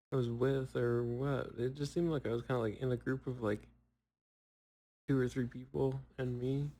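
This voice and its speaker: A young man in casual solo chat, rambling and poking fun at himself with long pauses. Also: medium pitch, dark tone, poor audio. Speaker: podcaster.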